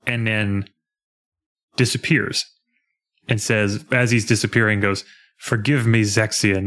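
A man co-hosting a podcast, chatting casually and retelling video game scenes in an animated way, quoting the characters as he goes. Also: on the low side, takes it slowly, long pauses. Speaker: podcast co-host.

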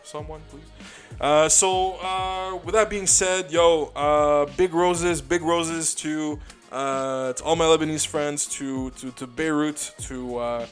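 Rambling, profane young comedian. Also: male voice, fairly high pitch, fairly even intonation, slow, faint music behind. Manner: rambling, profane, lots of restarts and "dude". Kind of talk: casual storytelling monologue.

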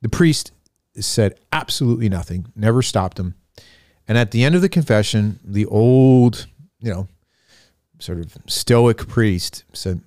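Low-voiced man telling a story. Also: lively intonation, unhurried, a little mellow, no echo, studio quality. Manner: storytelling with many fillers and restarts. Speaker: podcast host. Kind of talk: casual spiritual reflection.

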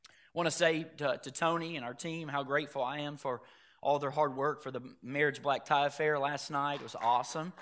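High, bright-voiced male pastor preaching. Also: steady tone, a little fast. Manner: dramatic swings from loud emphasis to hushed near-whisper; conversational, asks the congregation direct questions. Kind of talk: sermon.

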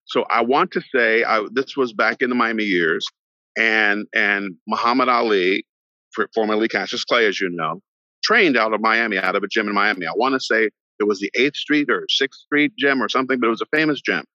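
A middle-aged man, an actor guest on a podcast, telling a long story in an animated way and acting out the voices of the people in it. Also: fairly low pitch, a little fast, no echo. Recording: dull lo-fi sound, dry.

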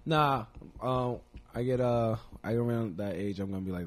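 A young man co-hosting a podcast, trading crude, profane jokes with frequent laughter and animated storytelling. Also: medium pitch, normal speed. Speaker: podcast co-host. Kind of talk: crude casual banter.

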